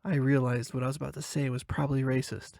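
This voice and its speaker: A man narrating a first-person horror short story in a measured, dramatic way, softening his voice for inner thoughts. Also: mid-range voice, little pitch movement, gravelly, no echo, studio quality.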